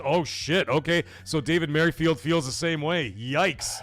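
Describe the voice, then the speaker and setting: Rambling, animated Canadian stream host. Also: male voice, normal speed, hardly any pauses, soft background music. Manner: rambling and animated, swears freely, energy swings between high and low. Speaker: livestream podcast host. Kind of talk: casual livestream chat, reading out viewer messages.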